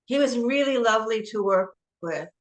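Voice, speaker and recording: A woman from New Jersey speaks as an interview guest. Her voice sits a little high, and she tells stories in an easy, anecdotal way. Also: lively intonation, normal speed. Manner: warm anecdotal storytelling. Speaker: actress guest. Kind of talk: casual interview chat.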